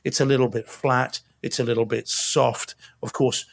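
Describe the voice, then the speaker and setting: A man talking through a film review in a relaxed podcast chat. He speaks at a middling pitch, full of ums, small restarts and easygoing asides. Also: normal speed, vocal fry. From not from Boston. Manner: chatty, many fillers and restarts. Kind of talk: casual chat.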